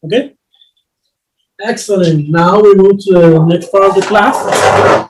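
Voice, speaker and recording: A man teaching an English lesson, reading drill sentences slowly and reassuring his students with many restarts. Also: high voice, steady tone, rough recording. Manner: reassuring, repeats himself with restarts.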